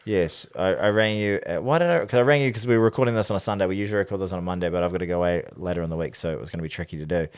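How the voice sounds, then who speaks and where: A man with a fairly low voice co-hosts a casual rugby podcast. He rambles in a jokey way, drifts off onto tangents and restarts his sentences. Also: very fast, few pauses, clean tone. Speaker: podcast co-host.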